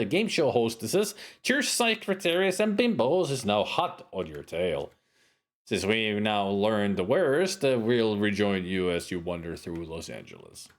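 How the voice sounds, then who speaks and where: A man commenting on an old adventure game as he plays. He reads the game's text aloud and adds wry, casual remarks. His pitch swings in a lively way. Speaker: let's play streamer.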